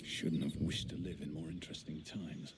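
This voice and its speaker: A man's voice: extremely low pitch, little pitch movement, normal speed, gravelly, breathy edge, full character voice. An actor playing a brooding male adventurer in a fantasy game, speaking in grim, terse one-liners. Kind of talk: video game voice lines. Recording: game audio under loud noise.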